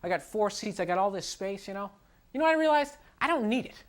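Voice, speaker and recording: A man performs stand-up in a comedy club for a live audience, his voice high, quick and lively in intonation. He's self-deprecating and exasperated, leaning on "like" and "you know," and crowd laughter comes through the live recording.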